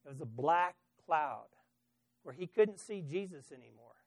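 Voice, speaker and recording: High-voiced emphatic male preacher. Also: expressive, normal speed, a little mellow, no room sound. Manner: emphatic, storytelling, with stumbling restarts. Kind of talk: sermon.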